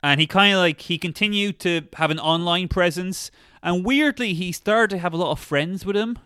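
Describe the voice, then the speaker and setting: Irish man with a smooth, bright voice. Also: high-pitched, moderate pace, dry recording, clean studio sound. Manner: gossipy, rambling, frequent restarts. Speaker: podcast co-host. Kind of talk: crude comedic chat.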